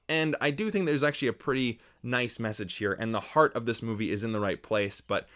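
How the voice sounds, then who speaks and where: A man's voice: medium pitch, fairly quick, few pauses. Young man animatedly reviewing a movie. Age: 20s. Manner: animated, mocking quoted voices. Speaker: film critic.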